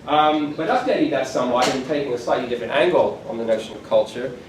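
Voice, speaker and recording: A keynote speaker in his sixties, medium-pitched and fast-talking, gives a conference lecture in a conversational way with self-deprecating asides. He's recorded from far off in an echoey hall with faint room ambience and a noisy background.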